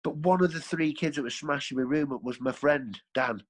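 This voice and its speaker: A man's voice: fairly high pitch, brisk, poor audio. A man, a podcast guest, telling his life story in a rambling, earthy way, correcting himself as he goes. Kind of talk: candid storytelling.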